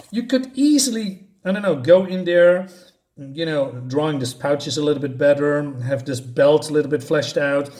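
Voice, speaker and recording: A man's voice: on the high side, a little mellow. A man reviewing a comic book in a scornful, exasperated rant, often stumbling into restarts.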